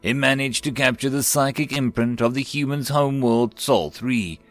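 A man's voice: medium pitch, moderate pace, fairly bright tone, faint music behind, lightly acted. A man voicing a gaunt male alien psychic who reports to a council in a thin, nasal, formal voice. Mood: grave.

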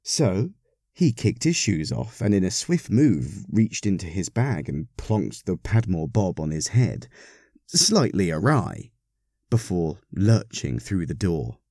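A man reading a story aloud, narrating in an expressive, wry manner. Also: deep voice, slow pace, no echo, clean studio sound.

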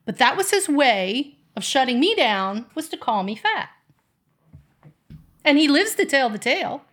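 A woman's voice: sits high, big pitch swings, a little slow, fairly bright tone. A middle-aged woman co-hosting a podcast with her daughter, playful and teasing in casual chat. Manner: playful, teasing, laughs often. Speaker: podcast co-host, mother of the other host.

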